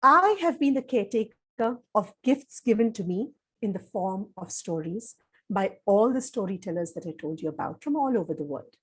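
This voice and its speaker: A woman telling a children's story live, animated and speaking straight to her young listeners with dramatic pauses. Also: medium pitch, slightly rough.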